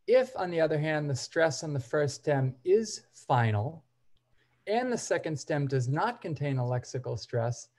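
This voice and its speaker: A man's voice: medium pitch, darkish tone. Methodical man giving an academic lecture. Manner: methodical, explains step by step while walking through examples; occasional hesitation fillers. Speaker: seminar presenter.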